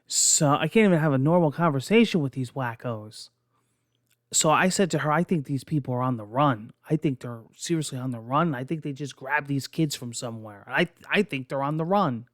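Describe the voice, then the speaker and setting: A podcast host telling a true story in a casual, profane and animated way. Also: male voice, medium pitch, normal speed, no room sound, studio quality.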